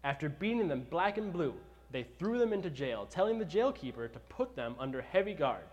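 A man preaching a sermon, retelling scripture with animated, dramatized storytelling. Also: fairly high pitch, brisk, highs cut off. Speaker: pastor.

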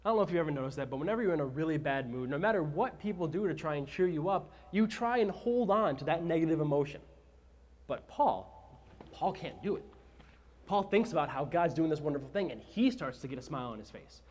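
A man preaching a sermon, retelling scripture with animated, dramatized storytelling. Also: fairly high pitch, fast talker. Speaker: pastor.

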